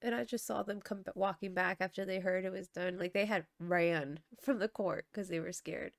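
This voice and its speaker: A woman's voice: medium pitch, fairly even intonation, normal speed, gravelly, dry recording, clean studio sound. A woman co-hosting a podcast, telling a story in casual chat with lots of fillers and acted-out quotes. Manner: chatty storyteller, heavy "like" filler, acts out quotes. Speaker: podcast co-host.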